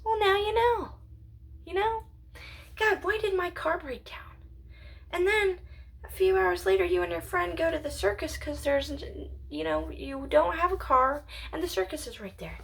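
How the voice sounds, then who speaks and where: A woman's voice: very high-pitched, sing-song, moderate pace, gravelly, a bit bright. A woman alone at home, rambling through a philosophical monologue to her channel, musing aloud and drifting into whispers and giggles. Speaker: channel owner.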